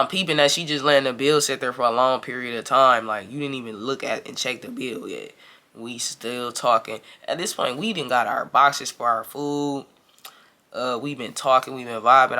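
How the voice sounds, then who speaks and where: A man telling a casual, profane storytime to his viewers, talking straight to them as y'all. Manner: animated, profane, keeps addressing the audience as y'all; gets louder and higher when irritated.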